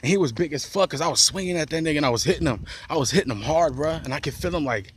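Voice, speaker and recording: Animated and rapid-fire, this fairly high-pitched man gives a loose storytime monologue about something that happened to him, heavy on swearing, restarts and "bro." He's outdoors on a phone, and there's slight background noise.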